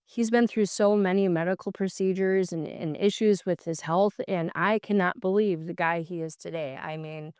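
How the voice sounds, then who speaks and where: Middle-aged woman, co-host, earnest and emotional, smooth clear tone, dry sound. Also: on the low side, moderate pace, few pauses, a little mellow, no room sound. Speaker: co-host, host's wife. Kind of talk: casual video chat.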